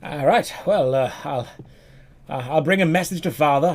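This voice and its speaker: A man streaming a game, chatting playfully with quick asides. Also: on the high side. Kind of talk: casual gameplay commentary.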